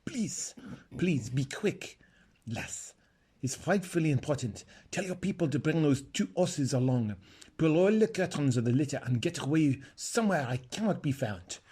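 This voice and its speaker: A man's voice: on the high side, lively intonation, moderate pace, dark tone, husky. A man doing a furious, whispering young noble girl. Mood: furious hushed. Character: proud, urgent young runaway noble girl.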